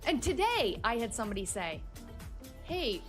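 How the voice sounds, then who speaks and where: A woman with a soft Canadian accent streams a game live and thinks out loud as she plays. Her voice sits high and swings widely in pitch. Faint music plays under her. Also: animated, a little slow. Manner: chatty, thinks aloud to herself and chat.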